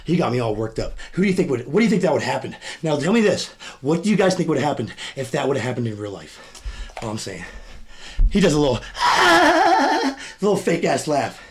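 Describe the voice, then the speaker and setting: A man's voice: mid-range voice, big pitch swings, fast, a little mellow, a little hiss or hum. A man livestreaming, trading brash, profane taunts and repeating his jabs. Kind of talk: heated livestream argument.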